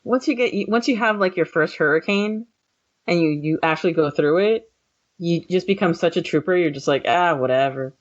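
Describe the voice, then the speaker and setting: A woman's voice: on the low side, moderate pace, highs cut off. A woman from Florida co-hosting a casual podcast chat, telling stories with acted-out voices. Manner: animated storytelling with acted-out voices. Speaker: podcast co-host.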